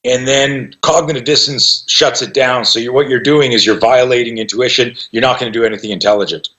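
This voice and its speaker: A man's voice: mid-range voice, fairly even intonation, brisk, sharp tone. A man in his fifties, a self-defense instructor and podcast guest, tells stories with energy, swears freely and acts out what people said. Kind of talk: animated storytelling.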